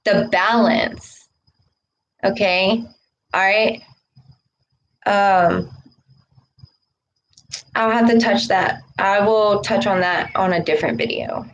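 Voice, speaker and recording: Slow-talking woman preaching casually. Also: mid-range voice, steady tone, highs cut off, slight background noise. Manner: preachy, repeats "okay" and "all right". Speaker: spiritual vlogger. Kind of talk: casual spiritual talk to camera.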